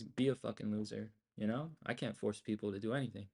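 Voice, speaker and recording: A man's voice: on the low side, steady tone, fast, vocal fry, few pauses, a little mellow, husky. A young man ranting at a livestream audience as he trades, heated and profane, talking into a desk mic.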